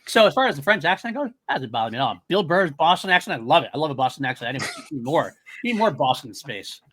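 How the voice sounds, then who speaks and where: A man co-hosting a podcast, talking casually in a rambling, animated way and often correcting himself mid-sentence. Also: on the high side, fast talker, husky. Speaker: podcast co-host.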